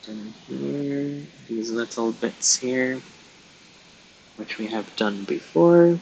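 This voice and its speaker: A man's voice: mid-range voice, expressive, slow pace, vocal fry, a little mellow, dull audio, slight background noise. A man chatting casually with his viewers while colouring on a live stream, rambling and laughing at himself.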